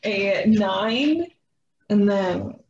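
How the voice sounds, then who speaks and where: A woman's voice: mid-range voice, animated, drawn-out words, noisy background. A woman playing a tabletop game in a casual, playful, giggly way. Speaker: player. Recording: echoey lo-fi room recording.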